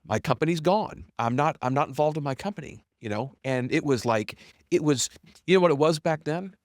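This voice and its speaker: Animated middle-aged man telling his story. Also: brisk, no echo, clean studio sound. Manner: animated, acts out quoted dialogue with big pitch jumps; blunt and self-deprecating, with mild swearing. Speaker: podcast guest, company founder. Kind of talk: candid storytelling in an interview.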